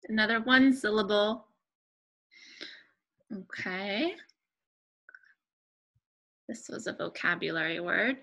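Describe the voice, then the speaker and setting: A young woman teaching a remote lesson to young children, speaking patiently and clearly with pauses between words. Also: medium pitch, noisy background.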